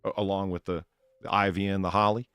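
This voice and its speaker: A man's voice: low-pitched, little pitch movement, fast talker, a bit bright, clean tone, no room sound, faint music behind. An American man hosting a casual chat, with a sarcastic, mock-pompous way of talking. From United States. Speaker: podcast host.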